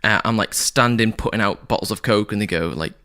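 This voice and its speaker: A man's voice: on the low side, brisk, bright, forceful tone. A man co-hosting a podcast, casually telling work stories and acting out what customers said. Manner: anecdotal, acts out customers in quoted voices. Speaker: podcast co-host. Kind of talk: casual chat.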